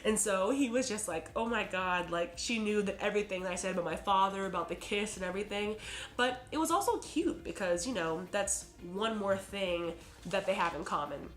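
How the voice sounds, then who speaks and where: A woman's voice: medium pitch, expressive, fairly quick, a bit bright, faint music behind. Chatty woman recapping a TV episode. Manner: chatty, heavy on "like" and "you know". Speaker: TV episode reviewer. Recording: roomy echo.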